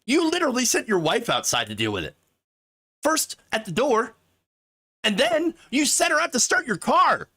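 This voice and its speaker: A man's voice: extremely high pitch, huge pitch swings, moderate pace, bright, forceful tone. A man hosting sarcastic political commentary, mocking and mimicking the people he talks about. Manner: mocking, with exaggerated mimicking voices.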